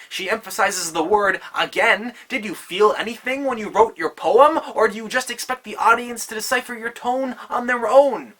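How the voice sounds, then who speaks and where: A rapper performs a comedic diss in a mocking, rhythmic cadence. The voice is bright and forward with a husky edge, and each line lands on a rhyme. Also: medium pitch, moderate pace, hardly any pauses. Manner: mocking, rhythmic rhyming delivery.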